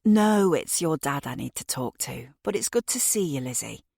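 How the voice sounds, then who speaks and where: A calm female police detective explains things courteously and patiently, read by a woman in an audiobook. Her voice is low and measured. The sound is dry and close. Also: gravelly, breathy edge, no echo, full character voice.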